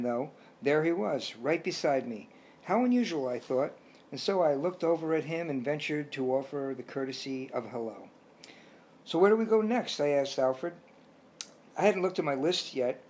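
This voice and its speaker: A man narrating an audiobook story in a plain, steady way. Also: fairly high pitch, moderate pace, slight background noise, poor audio.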